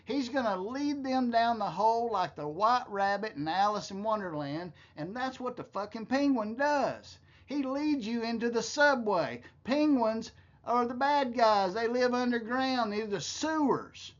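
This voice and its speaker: A man's voice: high voice, lo-fi sound. A man giving heated, scornful commentary, ranting with profanity. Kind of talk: angry commentary.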